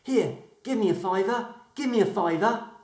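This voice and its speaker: A squeaky, wheedling little voice from a leg, put on by a man, begging over and over. It bounces around a roomy, echoey room. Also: normal speed, close to an everyday voice. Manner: high, wheedling, repetitive. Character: pleading talking body parts begging cash. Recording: roomy echo.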